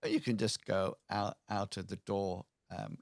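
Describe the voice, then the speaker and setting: Slow, gravelly game master man. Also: lowish voice, fairly even intonation, dry recording, studio quality. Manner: halting, full of ums and restarts. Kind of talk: narrating a tabletop game.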